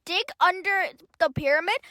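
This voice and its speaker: A woman's voice: extremely high pitch, moderate pace, sharp tone, a little hiss or hum, poor audio. A woman co-hosting a scripted kids' history dialogue, playful and teasing as she keeps pushing a joking theory. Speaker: co-host.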